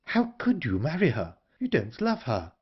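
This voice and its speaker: A man's voice: medium pitch, huge pitch swings, normal speed, husky, muffled recording, voice pushed up. A man voicing an earnest, anxious young woman in an audiobook, urgent and pleading. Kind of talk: audiobook character reading.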